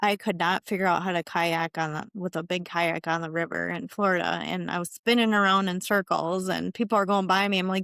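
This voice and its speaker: A woman's voice: lowish voice, fairly even intonation, a little fast, hardly any pauses, a bit bright, smooth, dry recording, clean studio sound. A woman who is a nurse, speaking as a podcast guest and telling stories casually, with laughs and acted-out reactions. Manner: chatty, laughs and acts out her own reactions. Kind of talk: casual storytelling in an interview.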